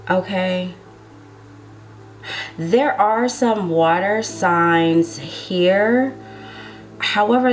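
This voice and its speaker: Slow, chatty woman reading tarot. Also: mid-range voice, a little hiss or hum. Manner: chatty, drawn-out words, frequent "okay?" tags. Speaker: tarot reader. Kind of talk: casual tarot reading to camera.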